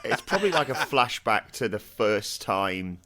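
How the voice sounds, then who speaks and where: A man's voice: on the low side, moderate pace. A man, a player, telling jokey stories in casual podcast chat. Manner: animated, jokey storyteller.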